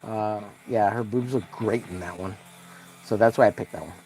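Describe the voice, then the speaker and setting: A man's voice: lowish voice, normal speed, a little mellow, breathy edge. A man hosting a casual drawing livestream, joking crudely and greeting viewers by name as he works. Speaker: livestream host.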